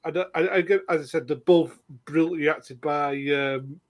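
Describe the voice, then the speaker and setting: A man in casual podcast talk who often stumbles and restarts mid-sentence. His voice sits a little higher than most men's. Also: steady tone. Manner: halting, many restarts and fillers. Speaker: podcast co-host. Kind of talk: casual chat.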